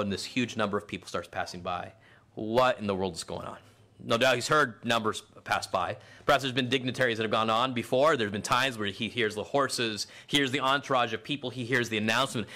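A middle-aged man preaching a sermon, dropping low and then rising to near-shouts for emphasis. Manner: swings from quiet to shouted emphasis. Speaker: pastor.

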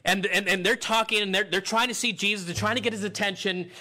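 A man preaching a sermon with a bright, forward voice. He talks in a loose, conversational way. At times he climbs into loud, shouted lines as he acts out the people in the story. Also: high-pitched, fairly even intonation, fast, few pauses.

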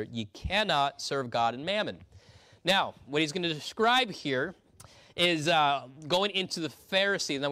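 A man's voice: fairly high pitch, pushed and bright, no room sound. A man preaching an earnest sermon to his congregation, often restarting and repeating words as he reads scripture aloud. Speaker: pastor.

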